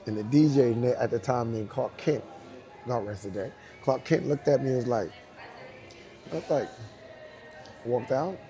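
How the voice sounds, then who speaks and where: In a mellow, medium-pitched voice at normal speed, a New York-accented dancer pauses often as he tells an interview story. He performs voices and sounds, laughs and swears, and faint music can be heard behind him.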